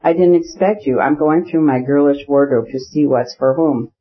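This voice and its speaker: A man's voice: fairly even intonation, moderate pace, breathy edge. A man voicing an earnest, loving young woman in a storybook reading, his voice lifted and pleading. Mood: delighted. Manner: raised pitch, eager and pleading. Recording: slightly muffled audio.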